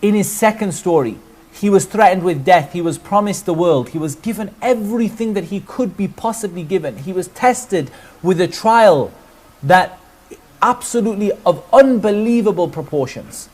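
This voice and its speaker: A man with a high voice tells a religious story in earnest, preaching tones. He pauses on rhetorical questions to his listeners. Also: lively intonation, darkish tone. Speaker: Islamic preacher.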